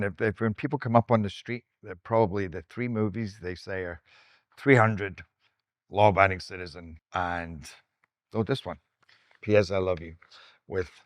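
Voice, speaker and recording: A man, an actor, casually reminiscing about his films in an animated, digressive storytelling manner. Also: low-pitched, no room sound, studio quality.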